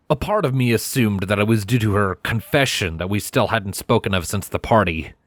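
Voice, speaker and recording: A man narrating a fanfiction audiobook in the first person, with a measured storytelling delivery. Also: on the low side, a bit bright, dry recording.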